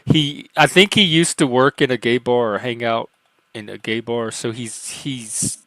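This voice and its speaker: Male stream host, casual and rambling, light youthful voice, mid pitch, dry close sound. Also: steady tone, measured pace, a bit bright, no room sound. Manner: rambling, self-mocking, laughs often. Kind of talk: casual chat.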